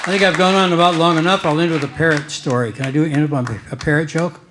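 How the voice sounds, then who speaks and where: Male stand-up comic, slightly high voice, deadpan, noisy stage mic. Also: quick pace, crowd noise. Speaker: stand-up comedian.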